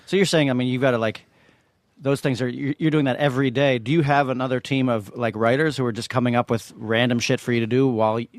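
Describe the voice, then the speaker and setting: Rambly cursing guy cohosting, fast talker, dry studio sound. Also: mid-range voice, fairly even intonation, dry recording. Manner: rambling, profane, self-mocking. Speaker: podcast co-host. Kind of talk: casual chat.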